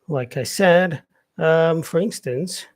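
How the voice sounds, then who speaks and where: A man giving an unscripted English lesson, adding many "yeah" and "um" fillers and repeating example words slowly. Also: on the high side, no echo. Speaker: English teacher. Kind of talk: casual spoken lesson.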